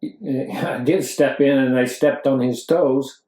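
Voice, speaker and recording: Woman playing a gruff Brooklyn tough guy. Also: very deep voice, slow pace, mellow. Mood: indignant. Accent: put-on New York (Brooklyn). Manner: gruff, blustering, broken grammar. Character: brash Brooklyn tough-guy husband, middle-aged man. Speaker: podcast co-host in character. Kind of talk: improvised comedy sketch. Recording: roomy echo.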